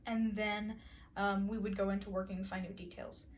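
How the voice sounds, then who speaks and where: This young music student's relaxed, chatty lesson on vocal warm-ups is full of fillers and short sung solfege drills. Her medium-pitched voice moves at a moderate pace, recorded far from the mic with a bit of background noise.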